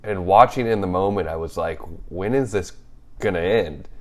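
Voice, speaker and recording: Deep-voiced young man, jokey podcast chat. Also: moderate pace. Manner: animated, jokey, laughs often. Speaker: podcast co-host. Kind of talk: casual movie chat.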